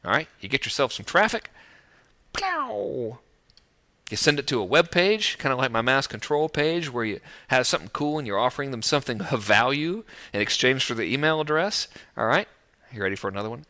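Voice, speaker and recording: Breezy, animated joking man. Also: mid-range voice, quick pace. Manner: joking, breezy and animated, with playful sound effects. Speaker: online marketing teacher. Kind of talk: casual direct-to-camera marketing talk. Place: outdoors overlooking the ocean.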